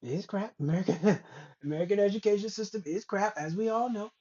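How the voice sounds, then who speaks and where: A woman's voice: medium pitch, fast talker, warm tone. A woman hosting a casual commentary show, ranting in a blunt, rambling way with plenty of profanity. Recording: dull lo-fi recording.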